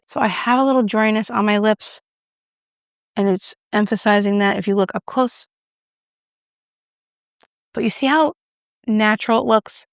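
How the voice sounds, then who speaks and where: Chatty woman with a gravelly edge. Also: mid-range voice, no room sound, clean studio sound. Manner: chatty, self-mocking, talks while applying makeup. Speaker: beauty vlogger. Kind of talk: casual makeup review to camera.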